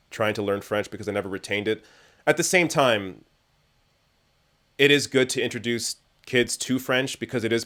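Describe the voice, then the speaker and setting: His lowish voice carries a fairly bright tone. He's a young Canadian hosting a relaxed livestream Q&A, chatting through viewer questions, frequently laughing and trailing off into fillers.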